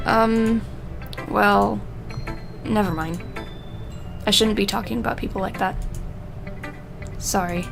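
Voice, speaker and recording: A woman voicing a shy, polite, bookish teenage girl, speaking softly and hesitantly while reading game dialogue aloud. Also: medium pitch, fairly even intonation, slow pace, vocal fry, pauses often, faint music behind. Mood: apologetic. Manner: soft, hesitant, apologetic.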